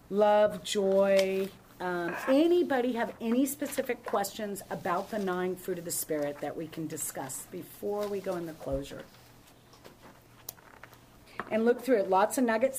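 Woman pastor, Bible study leader, mid-pitched voice, animated storyteller who acts out the other person's lines, faint hiss behind.

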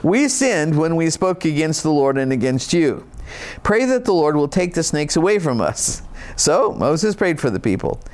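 Conversational pastor with a fairly high voice. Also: male voice, sing-song, moderate pace. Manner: conversational, folksy asides while teaching scripture. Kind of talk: sermon.

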